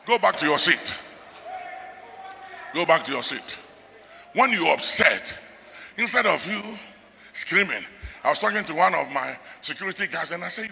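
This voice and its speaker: A man preaching a sermon, his delivery swinging from quiet talk to shouted bursts, at times praying in tongues. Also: on the high side, lively intonation, moderate pace, gravelly, pauses often, a little hiss or hum. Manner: speaks in tongues. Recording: long hall reverb.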